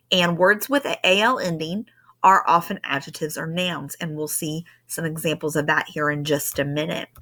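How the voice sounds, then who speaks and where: A woman's voice: fairly low pitch, pushed and bright. A woman teacher recording a patient, step-by-step spelling lesson for her students.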